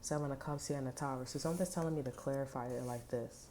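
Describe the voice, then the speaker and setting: A woman reads tarot cards for her viewers in a loose, rambling way, swearing freely and leaning on fillers and slang. Her voice sits very low with a dark, mellow tone, and a faint hiss runs underneath. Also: quick pace. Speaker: tarot reader. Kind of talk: casual tarot reading.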